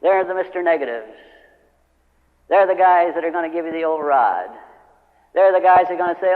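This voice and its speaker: A man's voice: a little high, animated, a little fast, pauses often. A man giving a live motivational speech, telling stories and acting out the people in them. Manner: storytelling, acting out quoted customers and friends. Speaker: motivational speaker. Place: large hall with a live audience. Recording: old lo-fi record of a speech in a reverberant hall.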